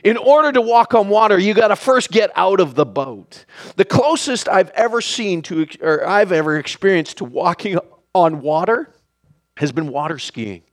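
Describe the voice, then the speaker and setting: A man preaching a sermon, animated, acting out the lines of the people in the story. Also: sits high, moderate pace. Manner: animated, acts out the characters' lines.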